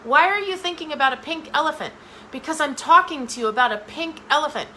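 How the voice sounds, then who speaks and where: A woman's voice: high voice, animated, fast, sharp tone, a little hiss or hum, poor audio. A middle-aged woman giving a motivational talk straight to her viewers, emphatic and repeating phrases for effect. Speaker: motivational speaker.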